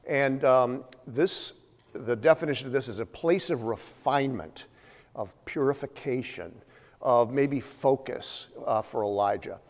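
A man's voice: mid-range voice, unhurried. A man preaching a sermon, retelling a story in a conversational way with many fillers and humorous asides. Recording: long hall reverb.

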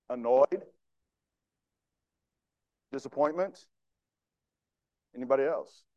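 A man with a high voice preaches a sermon, talking to the congregation in a conversational way and putting questions to them. The sound is dry and close, with little room echo. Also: dull audio. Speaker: pastor.

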